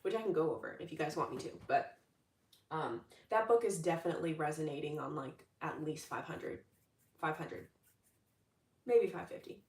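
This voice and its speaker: A woman's voice: sits low, moderate pace, darkish tone. A young adult woman talking casually as a manifestation coach on a livestream, upbeat and chatty, with lots of fillers and restarts. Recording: roomy echo, distant from the mic.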